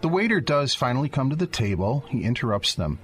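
A man's voice: mid-range voice, big pitch swings, a little fast. A man narrating a radio drama, describing the scene and speaking directly to the listener. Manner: descriptive storyteller, addresses the listener.

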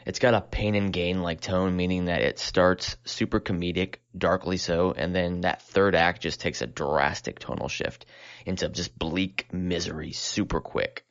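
Very deep gravelly man, lo-fi sound. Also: fairly even intonation, normal speed. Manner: enthusiastic, blunt, profane. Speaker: podcast co-host reviewing films. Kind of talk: casual chat. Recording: dull lo-fi sound.

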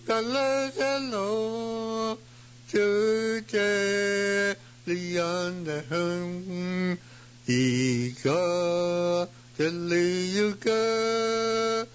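A woman speaking in a slow, measured way. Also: medium pitch, fairly even intonation, clean tone. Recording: dull lo-fi radio recording.

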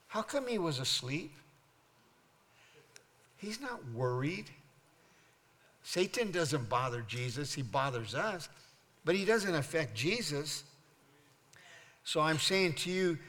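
An older man delivers a sermon from the pulpit, mixing playful storytelling with rising, emphatic preaching. His voice is bright and forceful and sits fairly high. A long reverb trails his words through a large church hall. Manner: humorous storytelling, building to loud preaching. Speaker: pastor.

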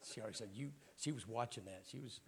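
A man's voice: lowish voice, racing, creaky, crowd noise. A middle-aged man with a Southern US accent, preaching a folksy, joking sermon in a church. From American South. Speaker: guest preacher. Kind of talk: humorous sermon.

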